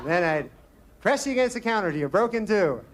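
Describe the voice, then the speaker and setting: A man voicing a creepy, shambling bachelor on a dating show with slow, sleazy insinuations, in a noisy live recording. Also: high-pitched, sing-song.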